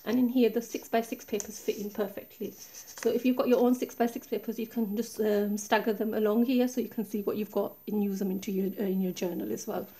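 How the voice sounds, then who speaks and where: Speaking briskly with hardly any pauses, a woman with a medium-pitched voice walks through her handmade craft project in chatty, relaxed show-and-tell style. The craft tutorial maker points things out step by step, recorded by a tablet positioned high above her desk.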